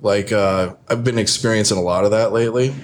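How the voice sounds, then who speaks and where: A man, a podcast guest, talking in a halting way and searching for words with many fillers. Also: lowish voice, fairly even intonation, noisy background. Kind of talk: casual podcast chat.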